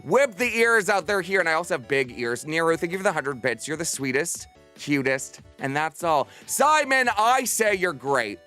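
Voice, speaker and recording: Soft music runs in the background as a young streamer talks fast with viewers from a room at home. He's bubbly and affectionate in this casual chat, and his slightly high voice is expressive with a sharp tone.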